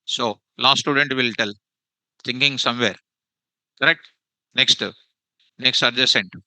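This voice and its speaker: A man leads a classroom lesson, constantly repeating himself and tossing "what?" questions at his students. His voice is sharply bright and clean-edged. The sound is dry and close. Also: medium pitch, measured pace, no echo, rough recording. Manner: repeats phrases and quizzes students with "what?" prompts. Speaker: programming teacher. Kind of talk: live classroom lecture.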